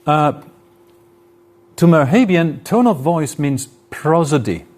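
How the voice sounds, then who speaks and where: A man's voice: a little high, animated, slow pace, a little mellow. A man lecturing to an audience in a hall, explaining his points with spoken examples and shifts in intonation. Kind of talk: live lecture.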